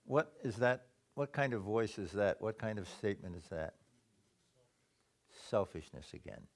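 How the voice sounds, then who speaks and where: A man preaching a sermon, reading scripture aloud and explaining it, swinging between loud emphasis and quiet low asides. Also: animated, a little slow.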